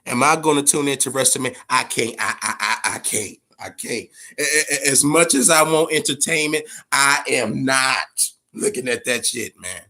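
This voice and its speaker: A man hosting a boxing talk show, ranting in a profane, casual way, stammering and swinging between a low grumble and loud outbursts. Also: moderate pace, few pauses. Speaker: boxing podcast host.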